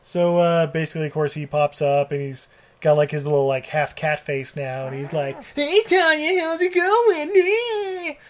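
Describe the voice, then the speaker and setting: Brief: podcast co-host with a mid-pitched voice, a loose profane movie recap full of laughs. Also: level tone, moderate pace, a little mellow. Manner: profane, rambling, laughs often, mimics characters. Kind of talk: casual movie recap chat.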